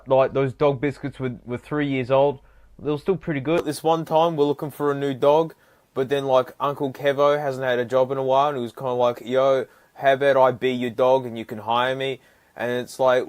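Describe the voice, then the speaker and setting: Rambling Australian bloke with "mate" fillers. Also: male voice, medium pitch. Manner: ocker slang, constant "like" and "mate" fillers. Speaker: comedic YouTuber. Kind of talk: rambling absurd comedic anecdotes.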